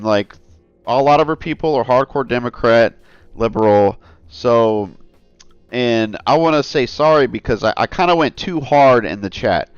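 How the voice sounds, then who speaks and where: A man's voice: medium pitch, clean tone, dry recording, lo-fi sound. A man hosting a casual commentary vlog, talking in a rambling, earnest way and often calling his viewers "guys.". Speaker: channel host.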